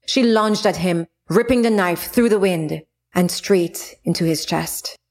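A woman's voice: fairly low pitch, unhurried, a little mellow. Woman narrating a fantasy story. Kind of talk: audiobook narration of a fantasy novel.

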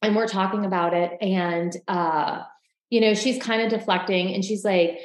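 A woman co-hosting a casual recap podcast, telling stories in a lively way and acting out what others said. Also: medium pitch, normal speed, roomy sound, rough recording. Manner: animated storytelling, acting out quotes. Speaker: podcast co-host.

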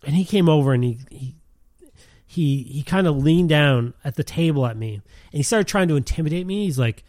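A man's voice: a little high, expressive, fairly quick, a little mellow, no echo, studio quality. A man telling a story in casual chat, rambling with lots of fillers and laughing as he goes.

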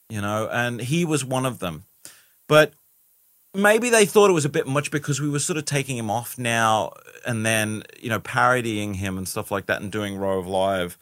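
A man's voice: medium pitch, fairly bright tone, no room sound. Rambling man, dry sound. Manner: rambling, frequent restarts and "you know". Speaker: guest. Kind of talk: casual interview chat.

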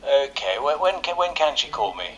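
In a radio comedy, an actor plays an aging male actor from London at an audition, a shy, old-fashioned and lonely man who stammers through in an earnest, hesitant way. The voice is fairly high, very animated and a bit bright, at normal speed, and the audio sounds dull.

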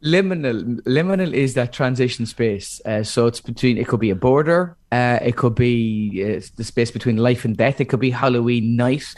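A man's voice: mid-range voice, normal speed, hardly any pauses, darkish tone, no echo. A middle-aged Irish man, a comedian chatting as a guest in a jokey, rambling way and laughing often. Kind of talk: casual chat.

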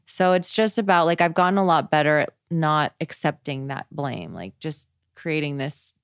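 A young woman with a low, smooth voice chats easily as a podcast guest. She tells stories in a loose, animated way, full of filler words. The sound is close and dry. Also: moderate pace, no echo. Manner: chatty, frequent "like" fillers, animated storytelling. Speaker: podcast guest, wellness practitioner. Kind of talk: casual conversational interview.

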